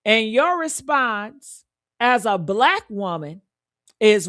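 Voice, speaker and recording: A woman hosting a live stream, giving true crime commentary in a loud, profane, emphatic way, repeating lines for effect and urging viewers to like the video. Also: on the high side, sing-song, slow, no room sound, clean studio sound. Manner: coaxing viewers for likes.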